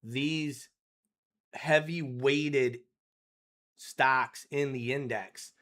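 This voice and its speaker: A man giving casual day-trading commentary over charts, rambling and filling his talk with "you know" and "right?", often clearing his throat. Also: medium pitch, steady tone, drawn-out words, a bit bright.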